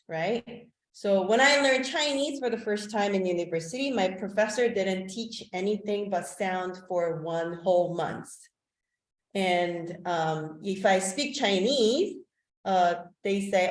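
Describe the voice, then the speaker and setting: A woman's voice: mid-range voice, unhurried. A woman whose first language is Korean gives an online teacher-training talk over a video call, chatty and loose, with frequent "like" and "um". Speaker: teacher presenting a webinar. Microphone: video call microphone. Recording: echoey room.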